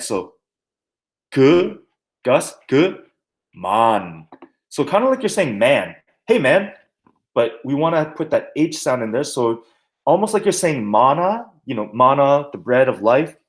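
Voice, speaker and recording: An animated male martial arts instructor teaches basic terms with playful memory tricks. His pitch swings widely as he jokes and demonstrates, and his delivery is loose and conversational. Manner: animated, jokey, sings and mimics to teach words. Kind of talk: teaching terminology with playful mnemonics.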